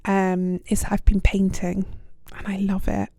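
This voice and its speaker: A woman's voice: medium pitch, completely flat delivery, measured pace, mellow, dry recording, clean studio sound. A young British woman hosting a podcast, talking in a casual, self-deprecating way with plenty of ums and likes. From United Kingdom. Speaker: podcast host. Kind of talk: casual reflective monologue.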